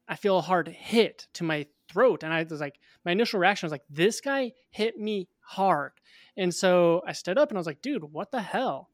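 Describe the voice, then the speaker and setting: A young man in his twenties, a guest in an interview, telling a personal story in a casual, animated way. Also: high voice, no room sound, studio quality.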